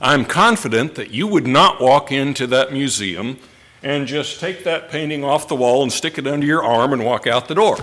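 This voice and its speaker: A man preaching a sermon to a congregation in slow, deliberate phrases with pauses for emphasis. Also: mid-range voice, animated, a bit bright.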